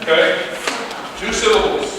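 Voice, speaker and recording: A man's voice: high voice, moderate pace. A man teaching a language class, coaxing students and checking in with them often, recorded from a distance in a classroom. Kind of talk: classroom instruction. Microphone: distant room mic. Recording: echoey classroom from far off, background noise.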